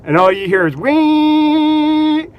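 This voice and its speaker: A man vlogging, telling casual stories in an animated way, laughing between anecdotes and acting out what people said. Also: high voice, moderate pace, highs cut off. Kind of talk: casual storytelling.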